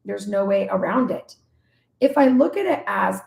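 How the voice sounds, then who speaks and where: A woman in her forties hosting a live podcast talk, teaching in an animated way and acting out her own inner questions as quoted asides. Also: medium pitch, normal speed, creaky. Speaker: podcast host and speaker. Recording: roomy echo.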